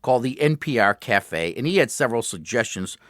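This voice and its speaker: A Boston man hosts a radio call-in show, chatting playfully with callers. His pitch rises and falls a lot. The recording is dry and close-miked. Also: expressive, a little fast, a bit bright, dry recording. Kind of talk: joking radio banter. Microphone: studio mic.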